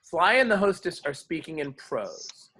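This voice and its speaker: A man teaching a class on verse, lively, explaining and quizzing his students. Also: on the high side, measured pace, slightly rough. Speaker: drama teacher. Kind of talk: classroom lecture.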